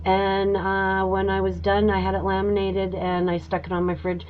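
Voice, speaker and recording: A woman hosting her own show, telling a personal story in a casual, animated way with lots of fillers. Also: mid-range voice, moderate pace, slight background noise. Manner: animated, emphatic, many fillers. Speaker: host. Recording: dull lo-fi recording.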